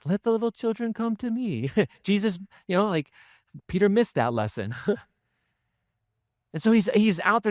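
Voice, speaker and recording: With a high-sitting voice, a male pastor preaches, relating stories conversationally and punctuating them with asides and chuckles. The sound is clean studio audio with no echo.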